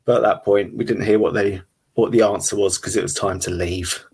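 A man's voice: on the low side, fairly even intonation, a little fast, vocal fry, darkish tone, slightly rough. A man chatting casually on a stream in a dry, matter-of-fact way. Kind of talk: casual chat.

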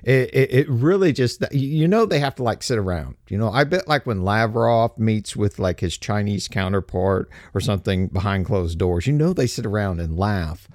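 A man's voice: fairly low pitch, lively intonation, normal speed, few pauses, darkish tone, dry recording, clean studio sound. A man giving a casual, sarcastic political rant and mocking others' voices. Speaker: political commentator. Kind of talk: casual opinion monologue.

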